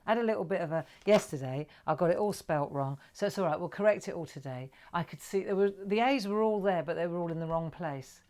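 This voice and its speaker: A middle-aged woman hosting a live craft stream, chatting warmly with viewers, greeting them brightly and sometimes dropping to a whisper. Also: on the low side, quick pace, hardly any pauses. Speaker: craft livestream host.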